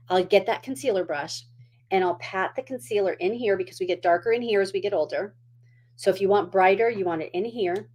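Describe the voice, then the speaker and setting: A woman's voice: mid-range voice, darkish tone. Chatty middle-aged woman teaching makeup. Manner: chatty, down-to-earth, demonstrative. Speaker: makeup tutorial host. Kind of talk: casual live makeup tutorial. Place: home.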